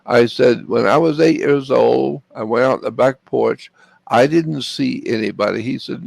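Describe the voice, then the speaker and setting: Older man from Florida, gravel in the voice, dry close sound, earnest storyteller. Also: mid-range voice, unhurried, no room sound. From Florida, USA. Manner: earnest, repeats phrases for emphasis. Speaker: interview guest. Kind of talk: personal storytelling.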